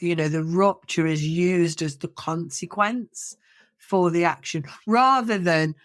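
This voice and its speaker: A middle-aged woman speaks in a fairly low register, sounding dry and close to the mic. She talks casually on a podcast. She tells stories animatedly and often restarts her sentences. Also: slow, no room sound. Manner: animated storytelling, many restarts and self-corrections. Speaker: podcast co-host.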